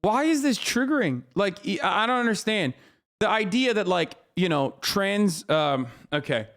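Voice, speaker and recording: A man's voice: high-pitched, expressive, measured pace, fairly bright tone. A man streaming live, reacting to a clip in an exasperated, profane rant.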